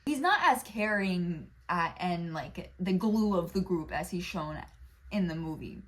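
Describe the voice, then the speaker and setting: A woman's voice: on the low side, lively intonation, unhurried. A woman talking casually to camera, rambling through asides and swearing freely. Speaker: video creator. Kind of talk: casual vlog analysis.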